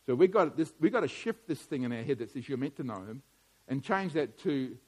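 A middle-aged man preaching a sermon, moving from quiet musing to loud, emphatic preaching. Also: medium pitch, animated, brisk, slightly rough.

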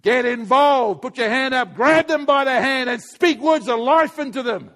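High voiced guy preaching, goes soft then loud, repeats himself a lot. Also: lively intonation, normal speed. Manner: wide swings from hushed to loud, emphatic repetition. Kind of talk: sermon.

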